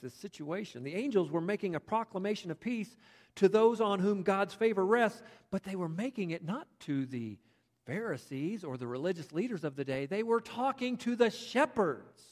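A man with a notably high voice delivers a sermon, retelling a story with animated, conversational asides. His words ring out with a long reverb, as in a church sanctuary. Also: normal speed. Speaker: pastor.

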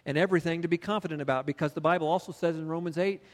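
A man's voice: a little high, fairly even intonation, racing, long reverb tail. A middle-aged male pastor telling a personal story in a sermon, then building into emphatic preaching.

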